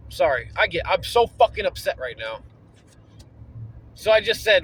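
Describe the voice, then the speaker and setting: A man's voice: high voice, wildly swooping pitch, breathy edge, low-quality recording. A young man ranting angrily and profanely from inside his car. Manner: heated, profane, talks fast and loud. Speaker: vlogger. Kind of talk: angry rant.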